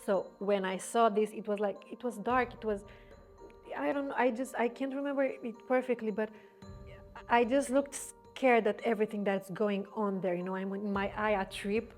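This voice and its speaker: A woman's voice: mid-range voice, steady tone, normal speed, soft background music. A woman vlogger casually retelling a personal story to the camera, rambling with many fillers and restarts.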